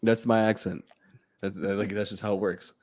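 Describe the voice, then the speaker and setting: Low-voiced man ranting bluntly. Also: little pitch movement, moderate pace, a little mellow. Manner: blunt and profane, building to heated. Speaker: podcast co-host. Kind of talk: impassioned podcast rant.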